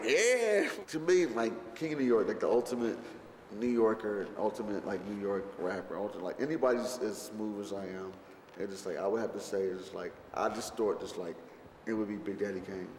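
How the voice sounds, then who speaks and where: A man's voice: fairly low pitch, normal speed. A man in an interview, telling stories in a rambling, profane way and packing his talk with fillers. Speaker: rapper recalling a film shoot. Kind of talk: interview reminiscence. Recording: roomy space with long reverb, faint background noise.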